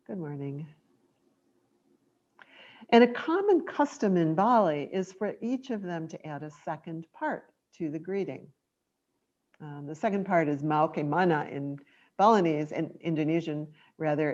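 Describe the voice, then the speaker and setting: On a dull, lo-fi recording, a low-voiced woman delivers a dharma talk as a meditation teacher. Her manner is soft and contemplative, and she takes her time.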